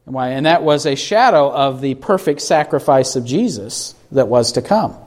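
A man preaching an expository sermon, reading scripture slowly for emphasis and asking the congregation rhetorical questions. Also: medium pitch, lively intonation, darkish tone. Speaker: pastor.

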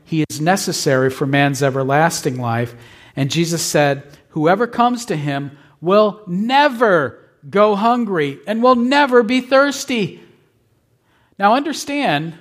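Emphatic preaching man, higher voice. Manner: emphatic, asks the congregation "right?". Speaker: pastor. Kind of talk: sermon.

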